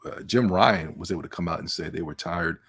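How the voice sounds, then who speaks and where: A man's voice: sits low, brisk, fairly bright tone, breathy edge. Sarcastic ranting male podcast host. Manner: laughs between remarks. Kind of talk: casual gaming news commentary.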